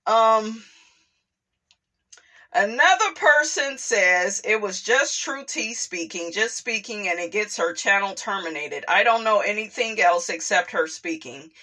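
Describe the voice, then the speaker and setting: A woman's voice: mid-range voice, animated, bright, forceful tone. Chatty woman doing gossip commentary. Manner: chatty, drawn-out fillers, repeats "you know" and "like I said". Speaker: commentary channel host. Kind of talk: casual gossip commentary, reading news aloud.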